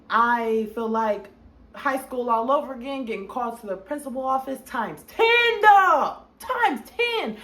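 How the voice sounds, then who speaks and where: A young woman telling a story to her viewers in a casual, profane, animated way. She breaks into loud outbursts that are half laughing and half crying. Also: a little high. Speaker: storytime vlogger.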